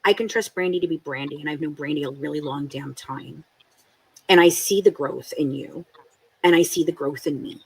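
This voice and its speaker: A woman co-hosting a casual livestream chat, animated and blunt, swearing freely and acting out other people's words. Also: sits low, moderate pace, vocal fry, husky. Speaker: podcast co-host.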